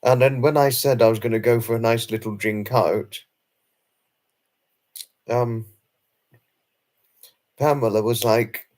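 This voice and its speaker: A man's voice: mid-range voice, steady tone, slow pace, long pauses, a little mellow. A British man hosting a live stream, chatting in a rambling way full of fillers and self-conscious laughs as he replies to viewers. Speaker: livestream host. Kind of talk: casual live chat reading viewer comments.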